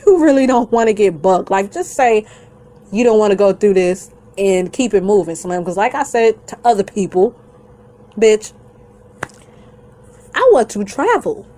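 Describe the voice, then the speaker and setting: A YouTuber with a dark, medium-pitched voice rants at normal speed, blunt and defiant. She swears constantly, rambles conversationally, breaks into laughter, and talks straight to her viewers.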